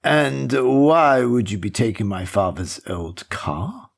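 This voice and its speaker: A man voicing a cold, ruthless male billionaire who speaks in slow, clipped questions. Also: mid-range voice, expressive, vocal fry, exaggerated voice. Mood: icy.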